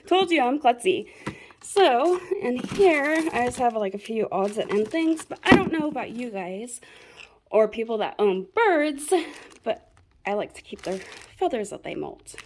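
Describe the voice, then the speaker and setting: A woman's voice: fairly high pitch, big pitch swings, moderate pace. A young woman chats casually through a tour of her home craft room. She rambles and makes fun of herself as she goes. The sound comes from a camera mic that she carries around the room, with a faint hiss in the background. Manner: rambling, self-deprecating, laughs often. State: a bit out of breath. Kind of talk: casual chat.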